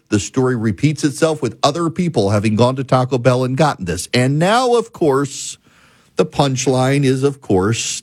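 A man's voice: medium pitch, dry recording. A middle-aged man hosting a talk radio show, telling stories emphatically and building to a punchline.

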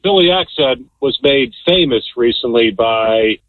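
A man's voice: mid-range voice, lively intonation, unhurried, dry recording. A man with a Delaware County Philadelphia accent, calling into a radio show and eagerly explaining things in a friendly, casual way. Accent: Delco Philadelphia. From Delaware County, Pennsylvania. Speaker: caller. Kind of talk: casual call-in chat. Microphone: phone call. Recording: phone line.

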